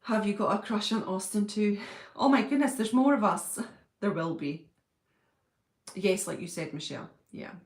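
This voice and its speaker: A woman's voice: mid-range voice, animated, normal speed, pauses often, a little mellow, echoey room. A middle-aged woman, hosting a casual livestream chat and answering viewers' comments in an effusive way.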